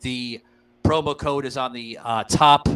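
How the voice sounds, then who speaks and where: A man's voice: mid-range voice, fairly even intonation, unhurried, fairly bright tone, clean tone, poor audio. A man hosting a casual podcast, talking loosely with lots of uh fillers, swearing freely and addressing his listeners as guys. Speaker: podcast host.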